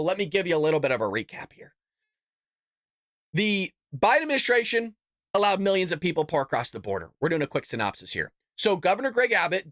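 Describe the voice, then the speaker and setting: A man's voice: high voice, fairly bright tone, dry recording, clean studio sound. A man hosting his own political commentary show, talking bluntly and animatedly, with laughing asides. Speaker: host.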